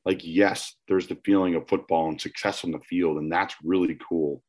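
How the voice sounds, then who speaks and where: Male host, very low voice, reflective and loose. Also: fairly even intonation, normal speed, darkish tone. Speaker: podcast host. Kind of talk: casual conversation.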